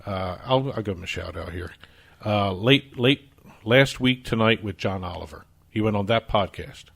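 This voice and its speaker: A man's voice: lowish voice, moderate pace, vocal fry, fairly bright tone. A man with a New Jersey accent, co-hosting a sports podcast and walking through the news stories in casual chat. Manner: explains news stories at length, some restarts. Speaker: podcast co-host.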